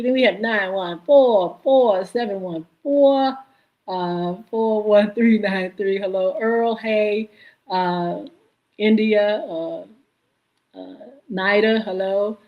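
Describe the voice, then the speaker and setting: A woman hosting a live-stream podcast, greeting chat viewers by name and pausing often on filler sounds. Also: medium pitch, muffled recording. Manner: halting, many filler "uh"s. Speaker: podcast host.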